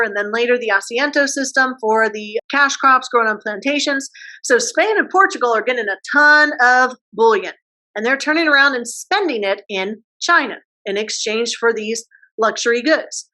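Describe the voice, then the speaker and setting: A woman history teacher giving a casual classroom lecture, posing quick questions and using slang. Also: on the high side, bright, forceful tone, rough recording.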